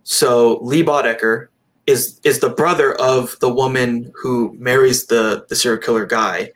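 Rambling, animated man reviewing a film. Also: mid-range voice, a little slow. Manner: rambling, animated, swears casually. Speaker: podcast co-host. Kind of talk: casual movie review chat.

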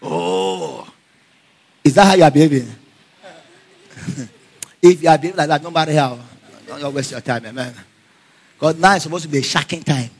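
This sermon comes from a man whose breathy voice sits on the high side, at a normal pace with frequent pauses. Animated and quick to laugh, he tells stories and urges the congregation to respond.

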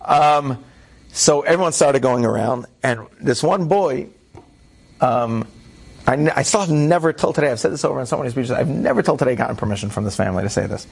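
A man telling a funny personal story to an audience, animated and self-deprecating, often breaking into quoted voices. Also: medium pitch, brisk, vocal fry, husky. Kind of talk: anecdotal storytelling talk.

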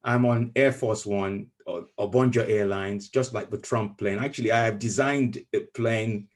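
A man's voice: lowish voice, steady tone, normal speed. A man hosting a casual interview, chatty and enthusiastic, often adding short back-channel responses. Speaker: interview host.

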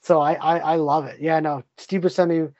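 Male podcast host, upbeat and rambling, higher-pitched, dry slightly muffled sound. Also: flat delivery, normal speed, a little mellow, dry recording. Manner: enthusiastic, many fillers and restarts. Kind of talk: casual podcast chat.

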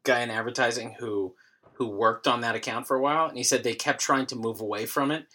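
A man's voice: medium pitch, fairly even intonation, a little fast, bright, forceful tone. A man co-hosting a casual podcast, telling a story with a wry edge. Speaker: podcast co-host.

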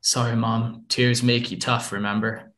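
A man voicing a weary young soldier son who speaks quietly and subdued. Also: mid-range voice, flat delivery, measured pace, lightly acted.

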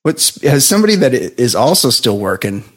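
A man's voice: medium pitch, very animated, brisk, slightly rough. A man co-hosting a comedic podcast, rambling casually and laughing between lines. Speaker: podcast co-host.

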